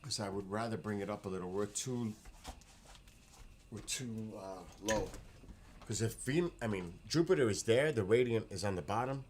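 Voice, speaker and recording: A man's voice: on the low side, moderate pace, a little hiss or hum. A man hosting a casual livestream, chatting and reacting to viewer comments with frequent exclamations. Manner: excitable, frequent exclamations and laughter. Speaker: livestream host.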